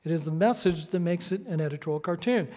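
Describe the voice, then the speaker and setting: A man's voice: on the high side, fast, darkish tone. A middle-aged man giving a prepared speech as an editorial cartoonist, with a sardonic, punchy delivery. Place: large hall. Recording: echoey hall reverb.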